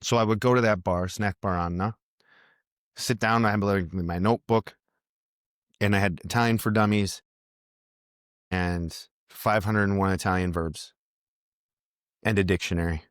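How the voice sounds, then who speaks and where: An American man chatting casually in a relaxed, laughing way. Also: on the low side, moderate pace, long pauses, clear, resonant tone, dry recording, clean studio sound. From United States. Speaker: podcast guest. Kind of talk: casual chat.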